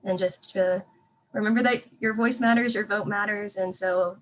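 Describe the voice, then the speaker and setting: A woman's voice: mid-range voice, fairly even intonation, normal speed, slight background noise, poor audio. A woman panelist on an online webinar, speaking casually and encouragingly.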